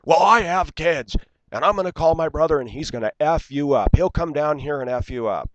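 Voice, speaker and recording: A man mimicking a shrill, angry young woman who threatens and picks a fight. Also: lively intonation, a little fast, lo-fi sound, a little hiss or hum, lightly acted.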